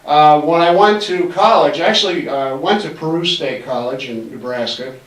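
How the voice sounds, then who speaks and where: Older male speaker, folksy raconteur who plays his quoted voices, slightly high voice, picked up from a distance in a roomy hall. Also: normal speed. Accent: faint Massachusetts. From Massachusetts. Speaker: speaker giving a talk. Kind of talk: storytelling lecture. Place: library auditorium.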